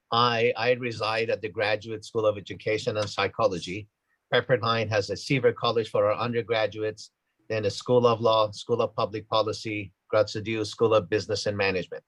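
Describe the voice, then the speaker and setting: A man, a graduate school dean, answering interview questions in a measured, explaining way. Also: on the low side, fairly bright tone, dry recording, rough recording.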